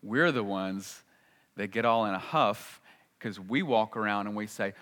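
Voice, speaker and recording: Male pastor, bright tone, lively sermon delivery with rhetorical questions. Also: fairly low pitch, measured pace. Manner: animated preaching with acted-out quotes and rhetorical questions.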